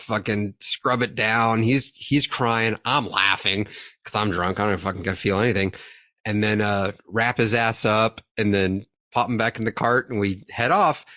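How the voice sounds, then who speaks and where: A man's voice: fairly low pitch, steady tone, moderate pace, pushed and bright, no room sound, studio quality. A young man hosting a podcast, telling a rambling, profanity-laced story and laughing as he goes. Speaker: podcast host. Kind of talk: casual chat.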